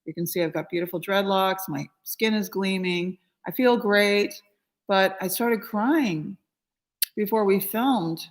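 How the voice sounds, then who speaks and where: A middle-aged woman who works as a spiritual healer shares an emotional personal story conversationally, using many fillers. When quoting others, she raises her pitch and volume to act out their voices.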